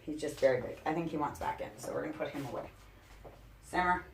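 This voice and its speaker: A woman's voice: deep voice, fairly even intonation, racing, gravelly, darkish tone, slight background noise. A young woman vlogging casually at home, chatty and a bit out of breath while handling a heavy snake, laughing often between fillers. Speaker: reptile keeper vlogger. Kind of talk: casual show-and-tell vlog. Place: indoors at home. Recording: echoey home room.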